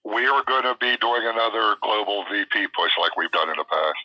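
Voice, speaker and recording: A man's voice: on the low side, fairly quick, sharp tone, poor audio. A man chatting on a group stream, laughing things off about himself. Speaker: fellow streamer. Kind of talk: casual chat on a group stream.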